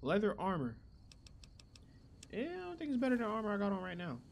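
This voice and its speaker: A young man giving casual, profane gameplay commentary who reacts loudly to the action. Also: high voice, sing-song, fast talker, creaky, slight background noise. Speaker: gaming channel host.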